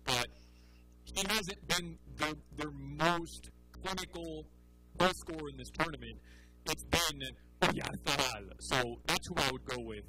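Bright-voiced chatty soccer analyst, man. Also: a little high, unhurried, a little hiss or hum, rough recording. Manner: chatty, animated, frequent restarts. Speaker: soccer betting analyst guest. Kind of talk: casual podcast chat.

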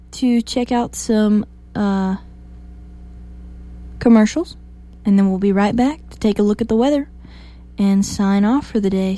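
A woman hosting a morning radio show, talking casually and a little tiredly. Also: a little high. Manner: relaxed, unhurried, a little tired. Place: radio studio.

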